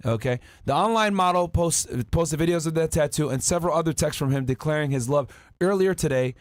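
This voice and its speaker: A man's voice: fairly high pitch, brisk, no room sound. A man hosting a podcast, ranting and swearing as he reads out messages. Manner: profane, animated ranting while reading texts aloud. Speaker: podcast host. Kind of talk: casual podcast commentary.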